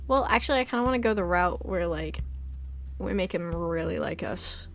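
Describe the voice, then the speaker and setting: A woman's voice: lowish voice, animated, normal speed, creaky, soft background music. A woman casually commenting while she plays a story game, laughing often and swearing freely. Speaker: gamer reading a visual novel aloud. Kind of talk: casual let's-play commentary.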